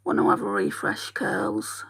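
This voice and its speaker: This woman from northern England talks a little slowly, with a fairly bright tone. She's a beauty vlogger doing her makeup while chatting and rambling casually to her viewers.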